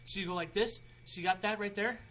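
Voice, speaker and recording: A man's voice: sits high, steady tone, quick pace, pushed and bright, a little hiss or hum. A young man hosting a casual how-to video, chatty and rambling with frequent restarts. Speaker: tutorial host.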